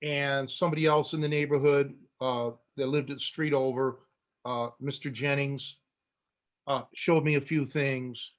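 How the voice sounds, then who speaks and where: A man, a catch wrestling coach and podcast host, telling a story in a casual, animated way with many restarts and blunt asides. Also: medium pitch, measured pace, dull audio.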